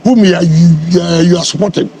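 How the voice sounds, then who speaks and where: A man's voice: high voice, steady tone, fairly quick, gravelly, dark tone, slight background noise. A middle-aged man from Nigeria, a politician answering in a heated media interview, combative and repeating his questions for emphasis.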